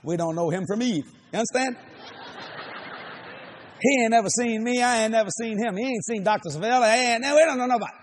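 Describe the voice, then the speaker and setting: A middle-aged man preaching a sermon, telling a story with shouts, laughter and acted-out voices. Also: very high voice, brisk, a little hiss or hum.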